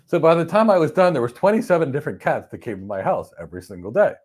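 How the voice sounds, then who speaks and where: A man giving a motivational talk on stress, telling stories with emphatic bursts that drop to soft, calm lines. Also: a little high, fast talker. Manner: animated storyteller, swings from loud emphasis to soft calm. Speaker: host. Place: lives in Florida.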